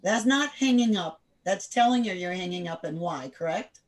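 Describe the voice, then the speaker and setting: A woman leading an interactive online class over a video call, direct and firm, quizzing the group with quick questions. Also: fairly low pitch, expressive. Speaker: workshop instructor.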